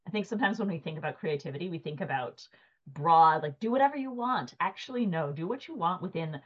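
A woman with a husky, slightly low voice gives emphatic, animated advice, leaning on "like" as she builds her points. The recording is a little dull and muffled. It is a relaxed podcast conversation. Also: quick pace. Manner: emphatic, animated, says 'like' often. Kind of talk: casual panel chat.

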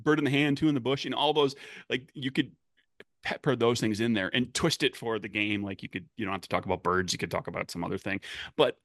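A man's voice: medium pitch, quick pace, a bit bright, no room sound, studio quality. A man chatting casually about tabletop game characters, rambling with many fillers and restarts. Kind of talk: casual podcast chat.

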